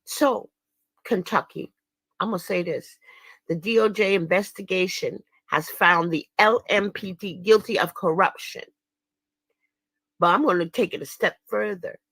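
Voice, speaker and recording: A woman's voice: medium pitch, measured pace, fairly bright tone, no echo. A woman giving casual, indignant livestream commentary as an activist, emphatic and laughing scornfully at her critics.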